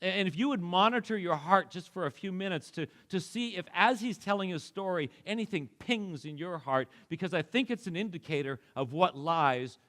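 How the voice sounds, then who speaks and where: A man's voice: sits high, lively intonation, normal speed, few pauses, fairly bright tone. A male pastor preaching in a conversational way, asking rhetorical questions. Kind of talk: sermon. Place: church auditorium.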